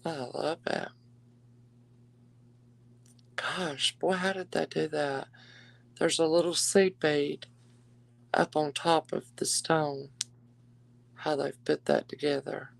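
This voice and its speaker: A woman's voice: low voice, steady tone, slow pace, creaky, long pauses, low-quality recording. A woman hosting a live jewelry auction stream, chatty and gushing, calling her viewers darling and y'all. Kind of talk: casual live-stream selling chat.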